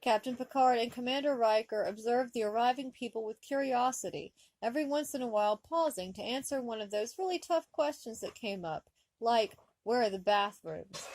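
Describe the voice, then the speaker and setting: A woman reading fan fiction aloud, with expressive comic narration. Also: a little high, moderate pace. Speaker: story reader.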